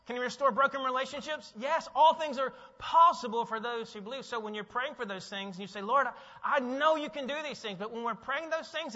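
High-voiced preacher in a reverberant hall. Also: male voice. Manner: animated, asks the audience questions. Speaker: pastor. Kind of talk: sermon. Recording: dull, with long hall reverb.

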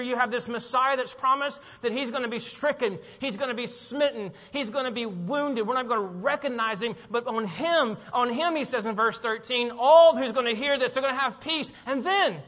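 A man preaching a sermon as pastor, swinging between loud calls and hushed low lines and asking the congregation to fill in words. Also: in a large hall, lo-fi sound. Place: church sanctuary.

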